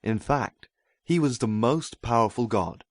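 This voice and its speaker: A man reads a storybook aloud in a clear, mid-pitched voice. His delivery is lively and varied in pitch, recorded close with a dry sound. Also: unhurried, no room sound. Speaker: narrator. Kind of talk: storybook read-aloud narration.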